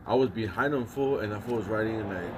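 A man's voice: on the low side, fast, background noise. A young man recounting something in loose, run-on talk during a casual chat with friends.

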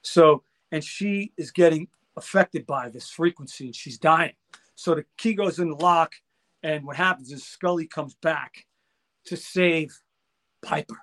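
Man, high voice, casual chat, excitable, acts out quotes. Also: unhurried. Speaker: guest musician.

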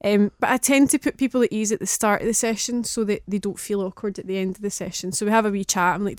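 A woman's voice: mid-range voice, fairly even intonation, fast, hardly any pauses, dry recording, clean studio sound. Chatty woman, frank and laughing. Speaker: guest, dominatrix and campaigner. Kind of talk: casual podcast chat.

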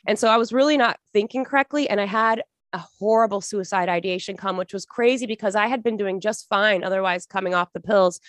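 A woman's voice: mid-range voice, a little fast, few pauses, dry recording. A young woman being interviewed as a podcast guest, telling her story in an earnest, emotional, rambling way with many restarts.

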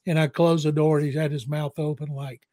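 A man's voice: a little high, flat delivery, fairly quick, mellow, dry recording. A man in his sixties with a Southern accent, a veteran football writer telling rambling anecdotes and giving blunt opinions on a podcast. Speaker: veteran NFL writer, guest. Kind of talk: casual storytelling and football analysis.

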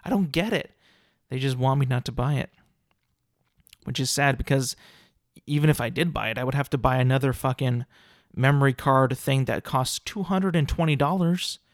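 A man's voice: mid-range voice, moderate pace, no room sound. A man hosting his own solo podcast, ranting in an exasperated way with many fillers and restarts, close to the mic. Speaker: podcast host.

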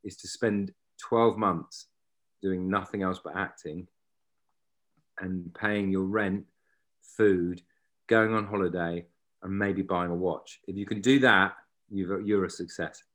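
Man telling a story, low voice. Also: takes it slowly. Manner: lively storyteller who swears freely. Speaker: actor and podcast guest. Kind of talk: casual anecdote telling.

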